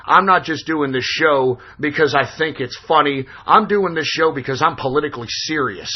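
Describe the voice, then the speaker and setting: A man's voice: a little high, moderate pace, husky, muffled recording. A man hosting an internet political radio show, talking in a profane, emphatic, intense way. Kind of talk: political call-in show monologue.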